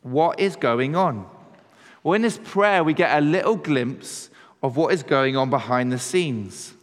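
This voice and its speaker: A man, a pastor, preaching a sermon in a measured, conversational way, slowing down to stress key words. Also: fairly high pitch, animated. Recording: long hall reverb.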